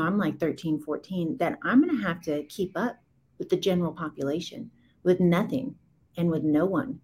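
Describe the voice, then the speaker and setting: Husky-voiced woman telling her story intensely. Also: lowish voice, darkish tone, rough recording. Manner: emphatic, impassioned, with rising bursts. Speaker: guest. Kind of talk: candid testimony in conversation.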